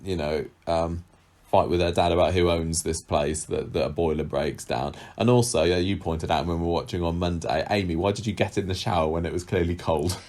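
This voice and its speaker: A man's voice: low-pitched, fairly even intonation, a little fast, few pauses, a little mellow. A man co-hosting a casual chat podcast about a soap opera, chatty, often laughing and acting out quotes in funny voices. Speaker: podcast co-host.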